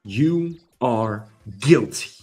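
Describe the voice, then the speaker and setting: A man's voice: medium pitch, expressive, drawn-out words, darkish tone, soft background music. A man hosting his own casual news commentary show, rambling and swearing with a swaggering, loose manner. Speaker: host.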